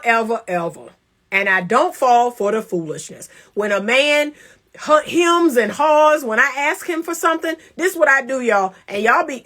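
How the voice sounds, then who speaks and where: A woman relationship coach giving emphatic, animated advice to women, acting out little scenes with playful laughs. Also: on the high side. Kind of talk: casual advice talk to women.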